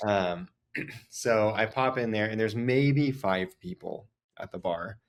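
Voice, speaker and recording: A man with a fairly low voice tells a story as a podcast host. He talks in a loose, chatty way and fills his sentences with "like" as he goes. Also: slow pace. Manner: chatty, frequent "like" fillers. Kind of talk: casual storytelling.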